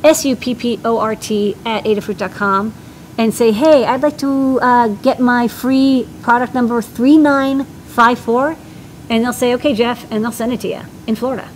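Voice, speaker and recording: A woman's voice: a little high, fairly even intonation, normal speed, a little hiss or hum, poor audio. A woman co-hosting a casual live stream, answering viewer questions in a chatty way with many ums and restarts.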